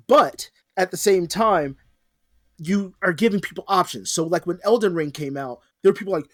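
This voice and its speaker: A man's voice: sits high, normal speed, no room sound, studio quality. A man co-hosting a podcast in casual chat, rambling and swearing with many restarts. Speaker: podcast co-host.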